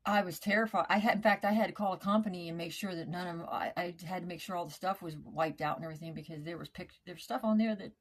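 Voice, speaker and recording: Halting, rambling woman vlogger. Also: lowish voice. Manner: rambling, halting, repeats and restarts words; plain-spoken, cusses when upset. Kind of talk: casual storytelling to camera.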